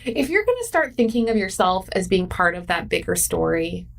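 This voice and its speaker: A woman's voice: lowish voice, sing-song, normal speed, gravelly. Laughing woman host, a bit off-mic. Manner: enthusiastic, laughs often, many fillers. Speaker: podcast host. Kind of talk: conversational interview. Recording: voice slightly far from the mic.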